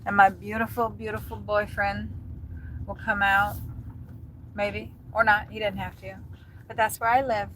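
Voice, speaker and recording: A woman's voice: medium pitch, little pitch movement, measured pace, pauses often, fairly bright tone. A woman chatting casually and rambling on a livestream from inside her car, swearing now and then. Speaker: livestreaming delivery driver. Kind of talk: casual livestream chat while driving. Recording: noisy car interior.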